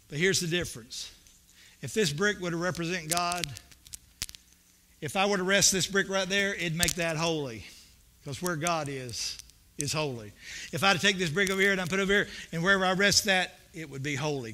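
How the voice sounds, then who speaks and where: Preaching a sermon in a church sanctuary, a male pastor talks fairly quickly in a fairly high, pushed, bright voice. He's a folksy storyteller whose tales build toward emphatic points in rising bursts.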